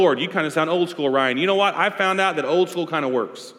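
A man's voice: on the high side, fairly quick, hardly any pauses, a bit bright. A man preaching in a large church hall, his slightly raised voice trailing off into long reverb. He talks to the congregation in a conversational way, driving his points home with repeated rhetorical questions. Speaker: pastor. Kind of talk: sermon.

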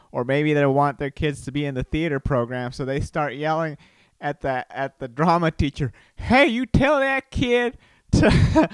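A man's voice: mid-range voice, clear, resonant tone, no echo. A man hosting a casual solo podcast from home, rambling and playful, breaking into silly voices and exclamations. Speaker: podcast host, comedian. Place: home room. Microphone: studio microphone.

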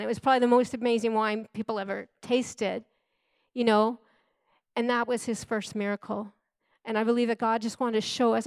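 Earnest woman preaching, higher-pitched voice. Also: clean tone, dry recording. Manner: earnest, emphatic, repeats key phrases. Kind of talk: sermon.

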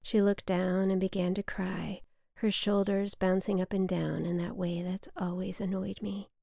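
Woman narrator, personal memoir read close and dry, reflective, gravelly. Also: mid-range voice, flat delivery, mellow, no room sound. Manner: measured, wry, reflective. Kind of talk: reading a personal story aloud.

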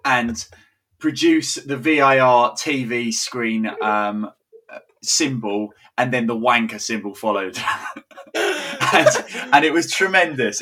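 A man's voice: medium pitch, sharp tone. A young man co-hosting a casual podcast chat, rambling and chuckling as he tells stories, with frequent restarts. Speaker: podcast co-host.

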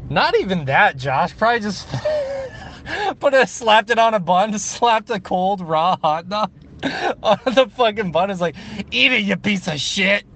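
A man with a high voice leaving casual voice messages, crude and excitable and full of swearing. Faint background noise sits under his voice. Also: unhurried. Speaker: podcast co-host.

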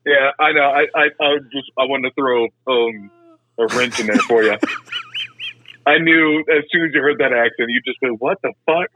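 A man co-hosting a podcast, chatting in a relaxed, laid-back way. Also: medium pitch, normal speed, background noise. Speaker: podcast co-host. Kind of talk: casual chat. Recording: tinny phone line, dry.

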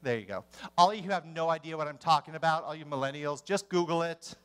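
A man preaching a sermon, swinging between emphatic rising questions and hushed drops. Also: a little high, quick pace, clean tone.

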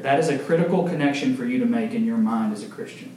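A young adult man preaching a sermon as pastor, earnest and emphatic, telling stories with lively acted quotes. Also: quick pace, hardly any pauses. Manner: animated storytelling with acted quotes, big pitch jumps. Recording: echoey room with faint ambient noise.

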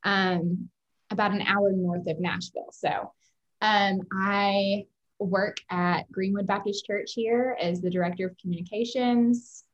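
A woman with a mild Kentucky twang chats warmly as a podcast guest, gushing and giggling between thoughts. Her voice sits at a middle pitch. The sound is muffled and lo-fi. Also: steady tone, unhurried. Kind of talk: casual chat.

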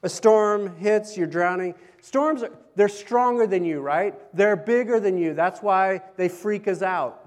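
A man's voice: high-pitched, measured pace, hardly any pauses. A male pastor preaching a sermon in a conversational way, often putting questions to the congregation. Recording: long hall reverb.

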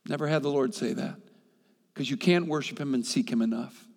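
A man preaching a sermon with passion, swinging from loud, high appeals to soft, quiet asides and repeating himself as he presses a point. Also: brisk, long reverb tail. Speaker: pastor.

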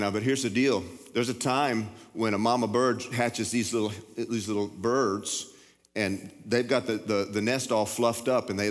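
A middle-aged man preaching in a low, folksy voice, circling back and restarting his words as he talks. His voice rings out with a long reverb through a large church hall. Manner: folksy, repetitive, stammering. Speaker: pastor. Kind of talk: sermon.

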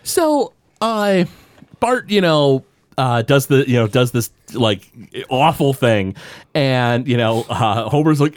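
A man co-hosting a podcast, casually retelling a cartoon episode in a loose, animated way with lots of fillers. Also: medium pitch, no room sound. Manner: animated, loose retelling with many fillers and quick put-on quotes. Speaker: podcast co-host.

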